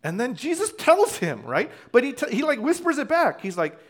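A man's voice: extremely high pitch, big pitch swings, normal speed, hardly any pauses. A man preaching a conversational sermon as pastor, telling the story casually and acting out voices.

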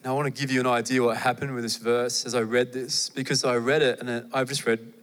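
Young Australian male preacher, chatty and lively, mid-range voice, recorded with hall reverb. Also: mid-range voice, fast talker, few pauses. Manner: conversational and animated, with asides to the audience. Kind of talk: sermon.

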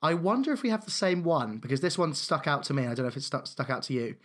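A man with a fairly high voice co-hosts a casual film chat. He speaks with eager enthusiasm and stumbles through frequent hesitations. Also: sing-song, fast. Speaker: podcast co-host.

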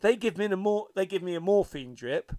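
A man's voice: sits high, animated, brisk, dark tone, no echo. A middle-aged man, a podcast co-host, telling stories in a wry, self-mocking way and swearing freely in casual chat.

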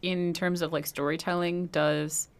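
Low, gravelly-voiced woman podcast co-host. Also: little pitch movement, unhurried. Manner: thoughtful, analytical, chatty. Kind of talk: casual chat.

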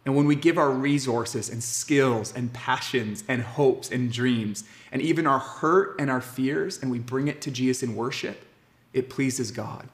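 A man in his thirties preaching a sermon as pastor, earnest and warm, slowing down with emphatic pauses on key words. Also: mid-range voice. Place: church sanctuary. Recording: echoey room.

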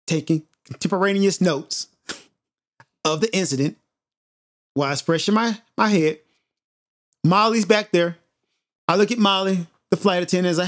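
A man hosting a podcast, telling a story in an animated, emphatic monologue and repeating points for effect. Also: high-pitched. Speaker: podcast host.

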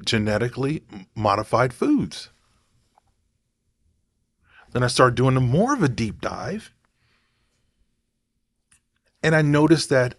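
A man's voice: medium pitch, dry recording, clean studio sound. A man talking casually to camera in a rambling, digressive way, thinking aloud as he goes. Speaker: vlogger.

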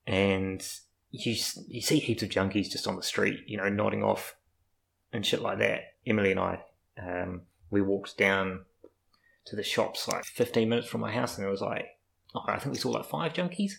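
A man's voice: fairly low pitch, moderate pace, gravelly, fairly bright tone, poor audio. A young man from New Zealand in casual, rambling chat, swearing freely as he talks about life abroad.

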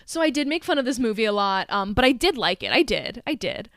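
A woman's voice: a little high, sing-song, fast talker, a bit bright, no echo, studio quality. A young woman co-hosting a podcast, casually retelling movie scenes with lots of swearing and quoted lines. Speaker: podcast co-host.

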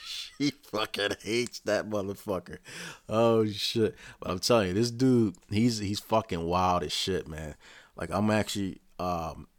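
A man recapping a show in a rambling, profane, animated casual rant. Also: lowish voice, measured pace, dry recording. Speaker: vlogger.

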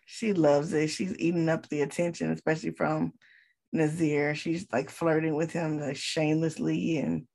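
A woman in casual chat about a television show, relaxed and agreeable, with hesitant fillers. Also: deep voice, normal speed. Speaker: co-host.

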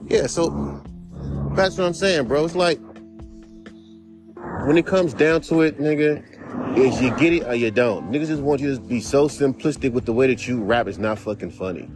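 A man's voice: mid-range voice, moderate pace, over music. A man hosting his own podcast, ranting in a heated, rambling and profane way. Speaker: podcast host; rapper. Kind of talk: casual rant podcast.

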